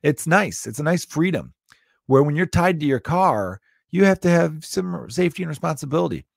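Lively, joking male podcast host. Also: on the high side, moderate pace, creaky, no echo, studio quality. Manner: rambling, joking, swears freely, puts on silly voices. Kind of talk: casual monologue.

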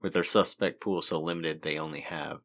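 A very low-voiced man co-hosts a casual crime podcast, pushing back with sarcastic skepticism. He talks loosely and swears casually. His tone stays conversational throughout. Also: fairly even intonation, moderate pace, fairly bright tone. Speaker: podcast co-host.

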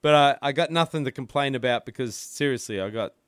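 A man's voice: mid-range voice, fairly quick, crowd noise. Foul-mouthed ranting man. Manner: profane, ranting. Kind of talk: casual chat.

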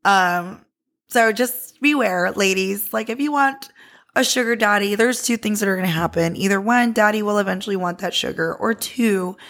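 A woman podcast host telling a personal story in a casual, candid, heavily profane way, animated and lively. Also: mid-range voice, normal speed.

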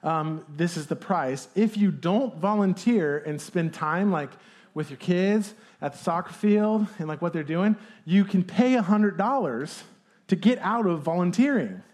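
A man's voice: high voice, animated, measured pace, a little mellow. A man preaching a sermon as pastor, talking in a casual, conversational way with fillers.

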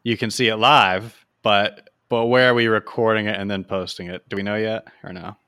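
A man hosting a podcast in relaxed, chatty talk full of asides. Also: on the low side, normal speed, clean tone. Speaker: podcast host. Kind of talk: casual podcast chat.

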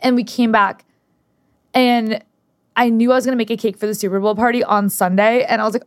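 This podcast co-host, a woman in her twenties, has a fairly high voice and a brisk delivery as she chats casually and acts out quotes in animated stories. The studio-quality recording has no room sound.

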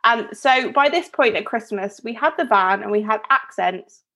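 Bright and forceful, her voice sits a little high with lively intonation and a moderate pace. She co-hosts a podcast, telling a rambling, chatty story, cutting herself off and laughing often.

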